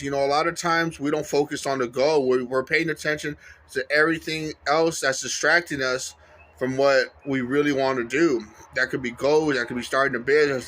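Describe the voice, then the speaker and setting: A man with a voice a bit higher than most men shares his faith in a casual, heartfelt vlog. He speaks earnestly and encourages his viewers, pausing on fillers and correcting himself as he goes. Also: bright, forceful tone. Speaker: faith vlogger. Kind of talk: casual testimony.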